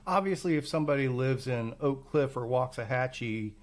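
A man hosting a podcast over a remote call, asking questions in a casual, halting way with restarts. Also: mid-range voice, animated. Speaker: podcast host. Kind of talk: casual chat.

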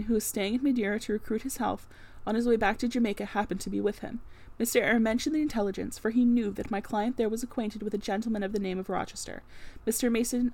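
A woman narrating a classic novel as an audiobook, in a measured, clear reading that lightly voices the dialogue. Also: a little high, darkish tone.

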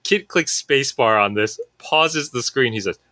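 This man in his thirties tells a story in a casual chat, with a bright and forceful voice. He livens it up by acting out the friends he quotes. The sound is close and dry, with no room around it. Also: mid-range voice, lively intonation, moderate pace, dry recording. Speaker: podcast co-host.

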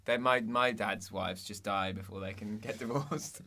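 Bright, deadpan young man. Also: lowish voice, normal speed. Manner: dry, deadpan jokes. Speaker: podcast co-host. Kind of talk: casual comedic chat.

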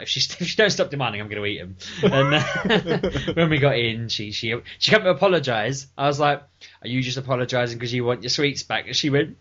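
A man co-hosting a podcast, telling stories in a casual, animated way and swearing freely. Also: medium pitch, fast. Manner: animated, swearing, laughing through his stories. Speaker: podcast co-host. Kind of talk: casual storytelling chat. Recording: dull lo-fi podcast recording.

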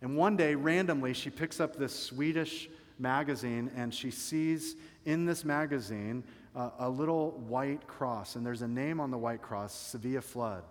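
A man's voice: mid-range voice, measured pace, long reverb tail. A male pastor preaching a sermon, telling a story dramatically and swelling and dropping his volume for emphasis.

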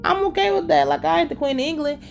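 A woman casually recapping a TV episode, animated and profane, laughing as she tells it. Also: high voice, quick pace, gravelly, over music. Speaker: show recap vlogger.

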